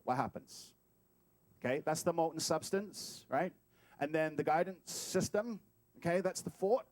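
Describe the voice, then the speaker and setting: A man giving a sermon as a guest speaker, animated and playful, acting out little scenes as he talks. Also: a little high, no echo. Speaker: guest speaker at a spiritual center. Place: talk hall.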